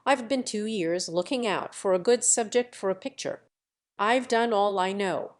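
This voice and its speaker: A woman reading the part of an eager young woman who paints, with a pleading, lively manner. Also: medium pitch, normal speed, lightly acted.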